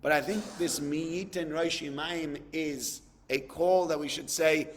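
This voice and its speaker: Rabbi preaching in a reverberant hall. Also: male voice, a little high, steady tone, a little slow. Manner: conversational, acts out dialogues, repeats words for emphasis. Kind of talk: sermon.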